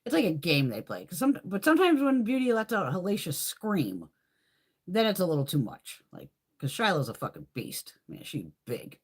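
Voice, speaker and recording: A woman's voice: on the low side, huge pitch swings, moderate pace, breathy edge. A middle-aged woman chatting casually on a live stream, telling stories with lots of swearing and frequent laughter. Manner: profane, storytelling, laughs often. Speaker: beauty vlogger hosting a live chat.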